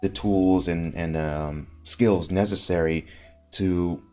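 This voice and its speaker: A man's voice: deep voice, steady tone, slow pace, dark tone, faint music behind. A man hosting a casual podcast chat, rambling with lots of fillers and restarts. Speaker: podcast host.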